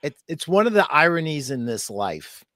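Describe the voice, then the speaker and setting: A man hosting a casual live video call, making slow, amused remarks. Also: a little high, very animated, pushed and bright, dry recording, studio quality. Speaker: host. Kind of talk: casual chat.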